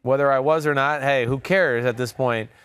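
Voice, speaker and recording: A man in his forties, a podcast host who used to play quarterback, rambles through loose stories in casual sports talk, packing in lots of fillers. His mid-range voice has fairly even intonation and a moderate pace, with a clear, resonant, slightly bright tone and no echo.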